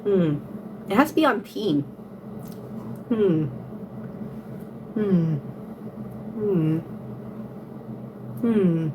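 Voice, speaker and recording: Giggly young irish woman livestreamer, slow unhurried chat, faint hiss behind. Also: mid-range voice. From Ireland. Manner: giggly, breaks into frequent laughter; repeats herself while thinking aloud. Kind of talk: casual live-stream chat, reading chat questions.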